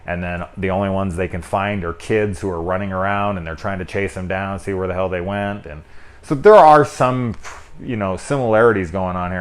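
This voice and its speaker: A man giving a casual, rambling film review, loose and candid, swearing freely and leaning on filler words. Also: low voice.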